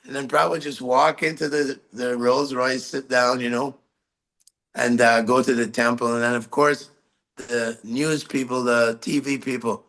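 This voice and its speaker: A man giving a talk, telling anecdotes with frequent laughter and animated delivery. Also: medium pitch, normal speed, rough recording. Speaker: lecturer recalling memories. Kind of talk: storytelling talk.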